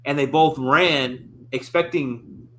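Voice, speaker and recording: Bright-voiced man stumbling through a story. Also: mid-range voice, takes it slowly, slight background noise. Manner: stumbling, repeats words. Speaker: co-host. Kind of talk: casual chat, telling a family story.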